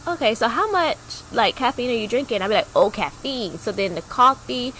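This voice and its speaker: Young woman, podcast co-host, casual storytelling, high-ish voice, vivid bright tone, acts out dialogue, lots of "like". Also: fairly quick, slight background noise, poor audio. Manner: animated, acts out quoted dialogue with big pitch jumps; chatty, heavy use of "like" fillers.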